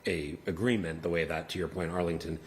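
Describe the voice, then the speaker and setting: A man with a deep voice walks a town board through budget numbers at a public meeting. He explains carefully and often restarts his phrases. A faint hiss sits under the recording. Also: fairly even intonation, a little fast. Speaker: town official presenting budget. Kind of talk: meeting discussion.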